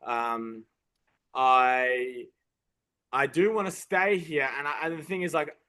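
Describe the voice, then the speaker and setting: A man's voice: mid-range voice, fairly even intonation, sharp tone. A man from Australia with a toned-down Australian accent, a tradesman guest chatting casually and stopping and restarting his sentences often. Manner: halting, stop-start, many false starts. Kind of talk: casual interview chat.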